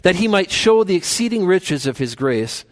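A man pastor preaching a sermon in a church, earnest, climbing to emphatic peaks and slowing down on key phrases. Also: high voice, big pitch swings.

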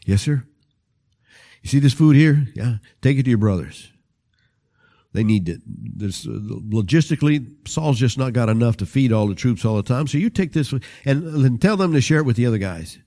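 A man voicing a father in a sermon story, giving his son orders in a low, plain tone. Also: lively intonation, normal speed, dark tone, lightly acted. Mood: instructing. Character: stern older father calling his son.

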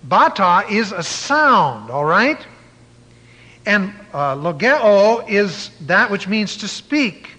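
Animated, bright-voiced male preacher. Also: sits high, slow, in a large hall. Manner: emphatic, spells out words letter by letter. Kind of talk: sermon.

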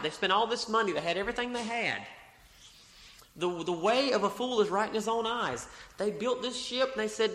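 A pastor delivers a sermon in a church sanctuary, his high-pitched, fairly bright voice moving a little fast. The hall echoes, slight background noise is present, and he repeats phrases, reads scripture aloud, and fixes his wording mid-sentence.

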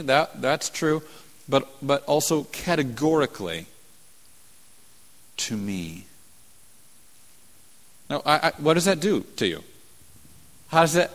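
A man's voice: a little high, long reverb tail. A man preaching a sermon, explaining a text point by point and repeating words for emphasis.

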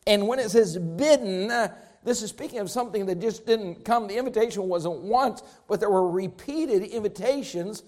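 A man's voice: sits high, moderate pace, a little mellow. A man preaching a sermon to his congregation, with an emphatic, rising and falling preaching cadence. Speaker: pastor.

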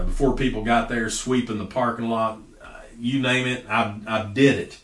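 A middle-aged man preaching a sermon as pastor, folksy and emphatic, with sudden bursts of loud speech. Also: mid-range voice. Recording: echoey room, voice heard from a distance.

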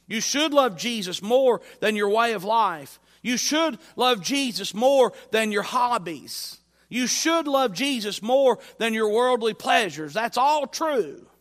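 Male pastor, high voice, emphatic church sermon delivery. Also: fairly bright tone. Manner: emphatic, repeats phrases with rising force.

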